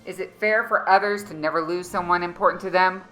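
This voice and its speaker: A sneering, cruel hooded villain from a storybook fantasy, as a woman reader puts him on. His voice comes out bright and tense, loud and mocking, with faint music underneath. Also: on the low side, steady tone, a little fast, pitched above the performer's own voice. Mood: bitter. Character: sneering evil hooded man, vengeful and cruel.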